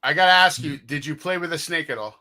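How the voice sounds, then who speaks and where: A man with a bright, fairly high voice chimes in during a casual podcast chat. He keeps to short reactions and asks questions that push the story along. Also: quick pace. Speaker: podcast co-host.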